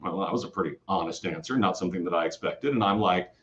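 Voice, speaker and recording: Animated rambling man on dull lo-fi audio. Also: sits low, fast talker, a little hiss or hum. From Kansas City area. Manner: rambling, animated storytelling with restarts. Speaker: guest storyteller and podcaster. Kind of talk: casual interview talk.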